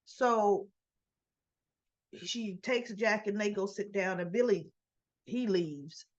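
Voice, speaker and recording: A woman retells a soap episode in a relaxed, unhurried way. She drops into the characters' lines and adds chatty asides. The recording sounds a little dull and lo-fi. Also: mid-range voice. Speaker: soap opera recap host. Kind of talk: casual retelling of episode scenes.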